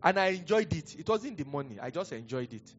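A man's voice: on the high side, sing-song, a little fast. A middle-aged man with a Nigerian accent, a pastor preaching a sermon in a chatty, rambling way, breaking off into stories with chuckles. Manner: conversational, digressive storytelling with chuckles. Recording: dull lo-fi sound with faint music.

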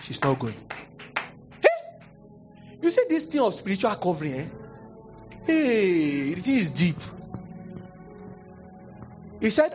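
Young Nigerian pastor, sermon, high voice swinging wide, dull lo-fi capture. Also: male voice, a little slow, pauses often, music in the background. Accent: Nigerian, Yoruba-speaking. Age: young adult. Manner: animated storytelling, acting out voices, sudden high exclamations.

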